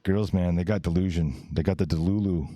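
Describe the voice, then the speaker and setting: Deep-voiced man, blunt podcast host. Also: steady tone, a little fast, mellow, dry recording, studio quality. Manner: blunt, crude, rambling asides. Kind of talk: casual reaction commentary.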